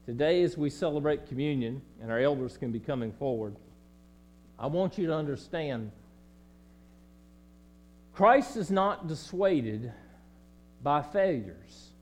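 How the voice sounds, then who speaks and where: High-voiced Southern preacher with mains hum. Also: male voice, lively intonation, a little slow, pauses often. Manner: dramatic swings between loud emphasis and quiet low delivery. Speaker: pastor. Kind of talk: sermon. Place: church sanctuary.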